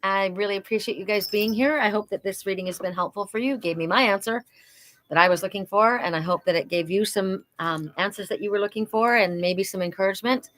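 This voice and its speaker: A chatty woman reading oracle cards on a livestream, talking in a loose, heartfelt way. She is middle-pitched and laughs easily, and she gets emotional as she goes. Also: fairly quick, a bit bright, no echo. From Welsh heritage. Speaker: oracle card reader. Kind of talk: casual livestream card reading.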